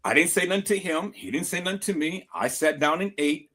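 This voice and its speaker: A young man vlogging, telling a story casually to his viewers in an animated, emphatic, profanity-laced way, repeating phrases for effect. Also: a little high, a little fast.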